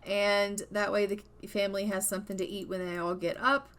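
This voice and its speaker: A woman's voice: mid-range voice, flat delivery, a little fast, fairly bright tone. Chatty woman narrating a life-sim game. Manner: chatty, many fillers like "like" and "you know". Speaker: gameplay narrator. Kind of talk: casual let's-play narration.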